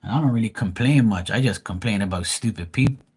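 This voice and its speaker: A man's voice: fairly low pitch, fast, background noise. A man from Bermuda hosting a live tarot stream, ranting bluntly and profanely in casual chat.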